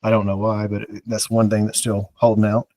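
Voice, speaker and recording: A man's voice: on the low side, completely flat delivery, fairly quick, mellow, dry recording. Rambling man telling a story. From American South. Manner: rambling, self-mocking, acts out the dialogue. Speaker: podcast co-host. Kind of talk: casual storytelling chat.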